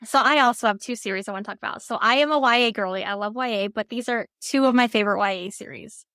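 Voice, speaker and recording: A woman's voice: a little high, fast, sharp tone, clear, resonant tone, no room sound, clean studio sound. A woman co-hosting a book podcast, telling stories with enthusiasm in casual chat. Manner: storytelling, enthusiastic. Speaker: podcast co-host.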